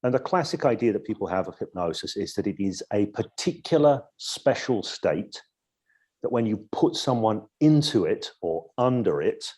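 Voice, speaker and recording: A man, a hypnosis coach, talking in a relaxed, reflective way in a podcast interview and explaining his methods with examples. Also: on the low side, slightly rough. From Edinburgh, Scotland. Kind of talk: casual interview conversation.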